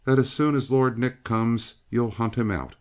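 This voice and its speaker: A man voicing a spirited, sly young woman in a western audiobook, lifting his voice higher for her lines. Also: fairly even intonation, measured pace, close to an everyday voice. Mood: pleading.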